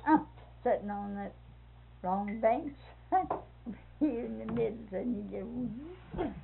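Older lady telling an old family story real slow, kinda high voice, sounds like a phone line. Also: animated, gravelly, background noise. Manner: laughs through her story, folksy dialect. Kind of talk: casual reminiscing storytelling. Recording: tinny phone-like recording.

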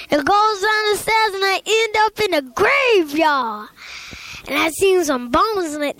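A child telling a rambling spooky story aloud, full of sound effects and little laughs. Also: female voice, very high voice, a bit bright, dry recording.

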